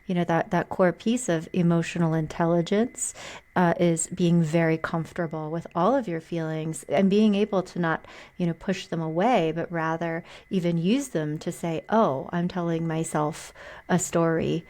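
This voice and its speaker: A woman's voice: on the low side, steady tone, moderate pace, a little mellow. A woman hosting a podcast, affirming her guest in a casual conversation. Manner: affirming listener. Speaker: podcast host.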